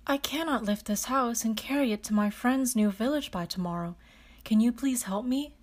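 A woman's voice: a little high, moderate pace, voice pushed up, close to an everyday voice. A strong little dwarf man begs politely for help, his voice tearful and earnest, as a woman reading a storybook puts him on. The voice stays close to an everyday speaking voice. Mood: pleading.

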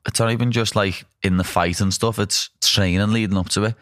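A man's voice: lowish voice, steady tone, brisk, fairly bright tone, no room sound, clean studio sound. A young man, a pro fighter, chatting bluntly and casually about cutting weight. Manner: rambling, blunt, laughing. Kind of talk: casual chat.

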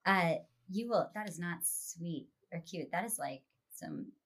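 A woman's voice: fairly low pitch, animated, measured pace, fairly bright tone, husky. A woman co-hosting a podcast, talking things through thoughtfully, sometimes searching for words. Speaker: podcast co-host. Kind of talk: casual podcast chat.

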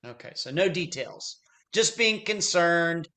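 A man's voice: fairly high pitch, animated, unhurried, bright, forceful tone. A man conducting an investigative interview, methodical and probing with follow-up questions.

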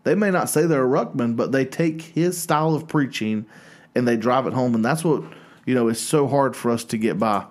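A man co-hosting a podcast, chatting in an animated, emphatic way. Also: mid-range voice, normal speed. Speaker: podcast co-host. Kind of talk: casual podcast chat.

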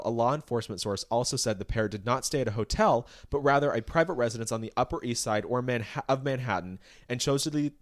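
A man with a mid-range voice co-hosts a casual celebrity news podcast. He reads news excerpts aloud with asides and fires off incredulous, sarcastic questions.

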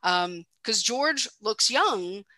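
A woman's voice: mid-range voice, animated, extremely slow, sharp tone, no echo. A woman co-hosting a podcast, retelling a film's story in a chatty way, full of fillers. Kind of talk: casual film recap chat.

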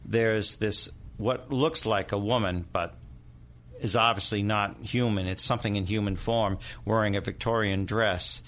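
This middle-aged man speaks a little slowly, his fairly low voice steady and a bit bright. As a demonologist guest in an interview, he dramatically narrates a haunting story with vivid detail and performs the quoted voices.

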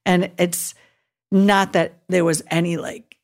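A woman's voice: on the low side, level tone, slow pace, a little mellow. A middle-aged woman, a hospital chaplain, telling an emotional story in a casual podcast chat and acting out what she thought and said. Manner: earnest, emotional storytelling with acted-out inner voices.

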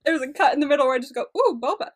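A young woman with a high voice chats on a casual podcast, loud and quick to laugh. She voices mock outrage and breaks into giggles mid-sentence. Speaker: podcast co-host. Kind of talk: casual recap chat.

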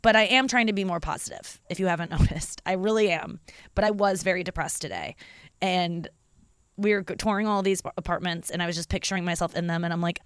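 30-something podcast host, confessional and rambly, lots of likes and ums, middle-pitched smooth voice. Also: fast, fairly bright tone, no echo, studio quality. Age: 30s. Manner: candid, confessional, rambling with fillers. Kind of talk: casual solo podcast monologue.

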